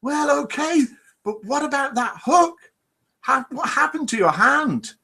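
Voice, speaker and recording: Figure: a friendly bartender, startled by an old customer's injuries, voiced by a man reading a joke aloud. The voice is squeaky and high, with lively questioning swoops, and it sounds bright. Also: measured pace, full character voice. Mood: incredulous.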